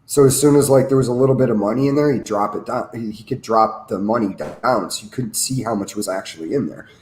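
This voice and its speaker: A man's voice: mid-range voice, quick pace, darkish tone, slight background noise. A man with an ordinary mid-range voice tells a rambling story full of jokes and restarts. His voice carries a roomy echo, as if he were in a bare room. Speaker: podcast co-host. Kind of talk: casual storytelling chat.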